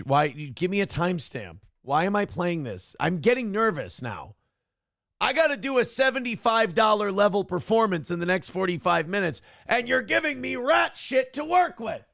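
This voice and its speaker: A man's voice: high-pitched, big pitch swings, normal speed, gravelly, a bit bright, no echo, studio quality. A man hosting a live-stream talk show, ranting in a profane, exasperated, rambling way.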